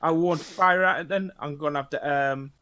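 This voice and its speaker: A man's voice: fairly high pitch, a little fast, sharp tone. An older man playing a tabletop game, thinking aloud hesitantly about his character's options. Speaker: player. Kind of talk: casual tabletop play.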